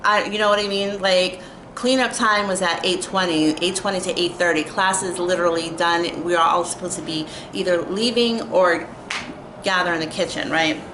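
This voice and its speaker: A woman's voice: on the low side, fairly even intonation, moderate pace, background noise. A young woman telling an exasperated storytime rant, full of "like" and fillers. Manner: exasperated, filler-heavy with constant "like". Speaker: vlogger. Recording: echoey room with faint ambience.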